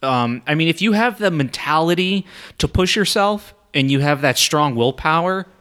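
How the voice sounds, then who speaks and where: A man's voice: a little high, animated, normal speed, fairly bright tone, smooth. A young man in casual chat, talking in a laid-back, reflective way.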